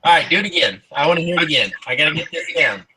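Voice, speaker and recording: A man's voice: a little high, expressive, racing, sharp tone, a little hiss or hum, rough recording. A man from the United States chatting playfully on a live stream, joking with his co-host. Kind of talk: casual chat.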